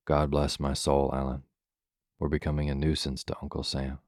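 A man reading the lines of a kindly, brisk old country doctor in his own voice. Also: very deep voice, completely flat delivery, darkish tone, no echo, studio quality. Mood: cheery.

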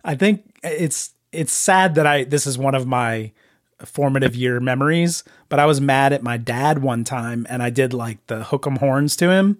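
A man hosting a casual podcast interview, chatty and quick to laugh. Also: mid-range voice. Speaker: podcast host.

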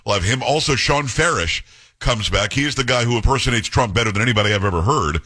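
A man's voice: medium pitch, fast. A man hosting a talk radio show in casual on-air banter, teasing his co-host and breaking into voices. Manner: animated, teasing, mimics voices. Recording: radio studio broadcast.

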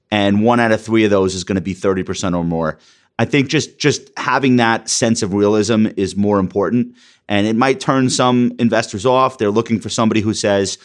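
A man with an average-pitched voice, speaking as a financial advisor guest in a casual podcast discussion. He talks bluntly and candidly. Dry jokes and the occasional swear word slip into his explanations.

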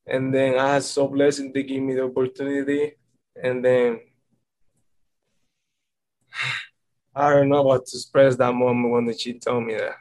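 Earnest young ballplayer rambling. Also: male voice, mid-range voice, little pitch movement, a little slow, pauses often, darkish tone, rough recording. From Dominican Republic. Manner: earnest, rambling, repeats "and then". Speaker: baseball player. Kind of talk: press conference answers.

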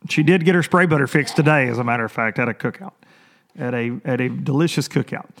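A man hosting a fishing show, talking casually and excitably with lots of restarts and teasing jokes. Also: mid-range voice, fast talker. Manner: rambling and excitable, many restarts. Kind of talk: casual vlog opening talk.

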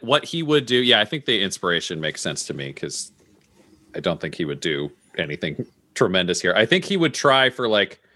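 A man's voice: mid-range voice, pushed and bright, no echo, studio quality. A man playing a tabletop game, telling his character's actions in a playful, joking way. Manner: playful storytelling with laughs. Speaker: player.

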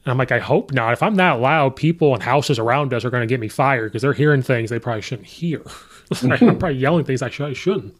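Speaking quickly in a mid-range voice, this man hosts a podcast where he swaps casual coaching stories, repeating what his players said and what he told them. He coaches high school, and his voice is occasionally hoarse from it.

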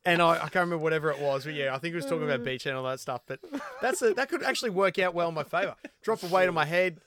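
A man's voice: on the high side, racing, crowd noise. A man on a podcast chatting and laughing as he tells a story, swearing as he goes. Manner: laughs through his words, swears. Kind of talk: casual storytelling chat.

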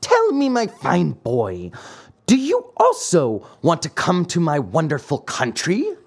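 A sly little fat coachman in a storybook, all bows and smiles, coaxing in a smooth, overly polite voice that climbs high, as a man puts him on. He swoops up and down as he talks. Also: huge pitch swings, a little slow, full character voice. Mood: wheedling.

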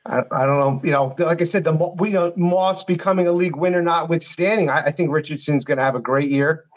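A man with a thick North Jersey, Newark accent, a guest on a casual podcast, hesitant and thinking aloud with many pauses. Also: fairly high pitch, muffled recording. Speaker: guest panelist.

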